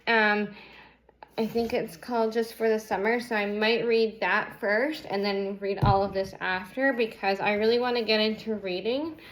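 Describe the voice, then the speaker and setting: A woman's voice: medium pitch, fairly even intonation, normal speed, poor audio. A young adult woman chatting casually to her viewers in a rambling way, full of fillers, as she shows off her purchases. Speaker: vlogger. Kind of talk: casual unboxing vlog. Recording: noticeable background noise.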